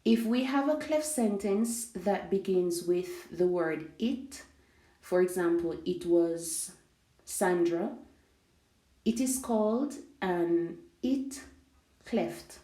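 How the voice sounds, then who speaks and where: A woman teaching an English grammar lesson, explaining slowly and glossing words in Spanish. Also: on the low side, lively intonation, mellow. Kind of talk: language lesson. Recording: echoey room.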